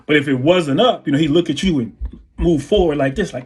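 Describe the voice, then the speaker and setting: Husky drummer telling stories. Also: male voice, on the high side, a little fast. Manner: relaxed anecdotal, sings drum patterns. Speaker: drummer and guest. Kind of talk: interview storytelling.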